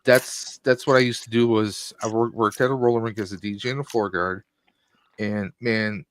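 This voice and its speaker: A man's voice: on the low side, fairly even intonation, moderate pace, fairly bright tone, no room sound. A man in his forties chatting casually on a stream, jokey and full of stories. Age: 40s. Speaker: guest on stream. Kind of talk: casual chat.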